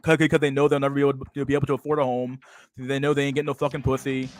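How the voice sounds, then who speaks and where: A man's voice: mid-range voice, flat delivery, rapid-fire, faint music behind. A young man hosting a casual livestream, with profane, slang-heavy talk full of "dude" and "bro" and frequent restarts. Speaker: livestream host.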